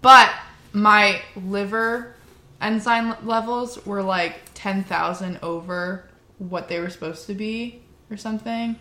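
A woman's voice: mid-range voice, fairly even intonation, sharp tone, roomy sound, slight background noise. A young woman in casual chat who talks a lot, fills her speech with "like" and laughs easily. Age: young adult. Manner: chatty, lots of "like", quick laughs.

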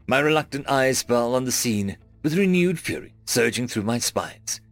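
A man narrating a first-person science fiction story in a measured storytelling manner. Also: medium pitch, lively intonation, dry recording. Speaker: audiobook narrator. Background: faint background music.

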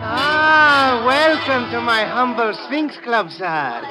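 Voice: medium pitch, takes it slowly, music in the background, natural voice, low-quality recording. An actor playing a formal, fawning club owner in a 1940s radio drama. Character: obsequious foreign club owner and hotel clerk. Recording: old radio recording with crowd behind.

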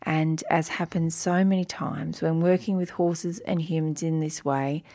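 A woman's voice: deep voice, fairly even intonation, unhurried, mellow. A woman with an Australian accent, hosting a podcast and introducing the episode in an earnest, grateful way. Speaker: podcast host.

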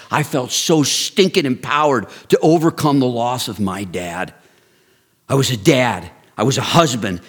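A man in his sixties giving an earnest, direct ministry talk, building to excited, emphatic storytelling. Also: medium pitch, slightly rough. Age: 60s. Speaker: men's ministry leader. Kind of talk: personal testimony talk.

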